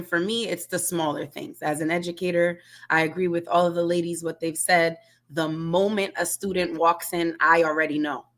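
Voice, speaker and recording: A woman's voice: lowish voice, fairly bright tone. Earnest woman teacher on a video call. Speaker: music teacher. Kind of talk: panel discussion.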